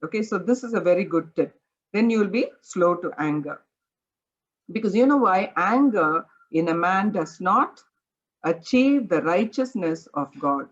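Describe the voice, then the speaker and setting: A woman's voice: on the low side, lively intonation, unhurried, muffled recording. A woman teaching a Bible study, earnest and direct, repeating her advice plainly.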